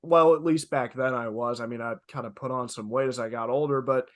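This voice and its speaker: A man co-hosting a casual podcast, talking in an animated, emphatic way with playful exaggeration. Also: medium pitch, brisk. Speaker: podcast co-host. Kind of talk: casual chat.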